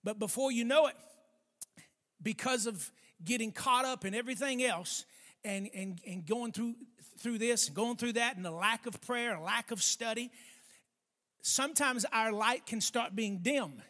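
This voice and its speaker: A man preaching a sermon, speaking emphatically, stretching key words slowly and calling for responses from the congregation. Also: very high-pitched, pushed and bright. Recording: long hall reverb.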